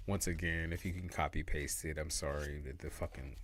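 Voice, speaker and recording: A man's voice: rumbling low, fairly even intonation, fairly quick, few pauses, heavy background noise. A man giving casual, slangy tarot readings on a live stream, laughing often and repeating his points. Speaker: tarot reader.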